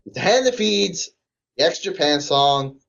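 A man's voice: a little high, animated, unhurried, a bit bright. A man in casual podcast chat, rambling and enthusiastic, filling his talk with "like". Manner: rambling, heavy use of "like", enthusiastic fan tone. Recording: dull lo-fi audio.

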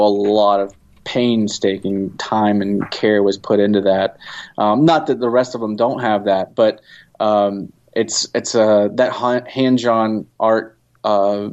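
Low-voiced hesitant man, muffled recording. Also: darkish tone. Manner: hesitant, many fillers and restarts. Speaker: guest from a game company. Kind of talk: casual interview answers. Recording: dull lo-fi sound.

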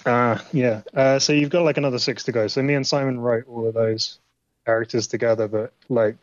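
A man talking casually as a game developer guest, rambling along with frequent fillers. His voice is mid-pitched and dry. The sound is dull and lo-fi. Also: steady tone, a little fast, no room sound. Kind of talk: casual podcast chat.

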